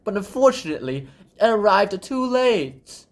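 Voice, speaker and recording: A man's voice: high-pitched, sing-song, normal speed, voice pushed up. A man playing an overly polite German officer. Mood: apologetic. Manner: stiffly courteous, apologetic.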